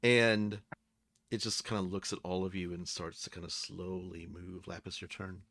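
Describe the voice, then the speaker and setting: Bright-voiced man running a tabletop game. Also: low voice, flat delivery, no room sound. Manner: casual, halting, many fillers. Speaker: game master.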